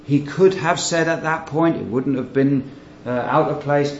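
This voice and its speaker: A man's voice: on the high side, measured pace. A man preaching a sermon, teaching verse by verse in an earnest manner and asking his listeners rhetorical questions. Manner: earnest Bible teaching with rhetorical questions, rising emphasis on key phrases. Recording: muffled roomy recording.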